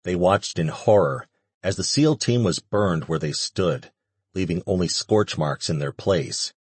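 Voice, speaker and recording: A man reading a fantasy audiobook in steady scripted narration. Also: low-pitched, a little slow, breathy edge, no room sound.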